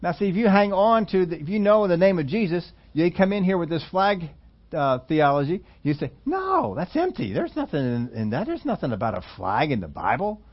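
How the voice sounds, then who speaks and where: A man preaching a sermon in a conversational storytelling way, laughing between points and rising into loud emphatic quotes. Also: on the high side, expressive, a little fast, highs cut off. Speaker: pastor.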